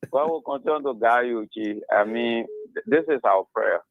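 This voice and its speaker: Male caller, mid pitch, dull lo-fi phone sound, measured. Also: dry recording. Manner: measured, prayerful.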